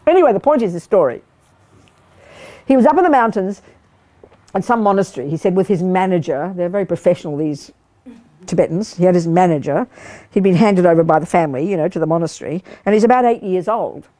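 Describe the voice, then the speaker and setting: An older woman giving a lively Buddhist teaching to a live group, quizzing her listeners and talking bluntly and playfully. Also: fairly low pitch, fast. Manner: animated, questioning the audience, blunt and playful. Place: meditation study group hall.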